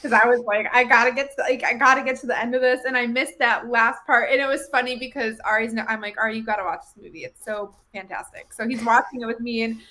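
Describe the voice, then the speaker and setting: A woman with a bright, fairly high voice chatting about a film with her co-host. She tells stories eagerly and gets emotional as she does. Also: fairly even intonation, fast talker, hardly any pauses. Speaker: podcast co-host. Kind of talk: casual movie review chat.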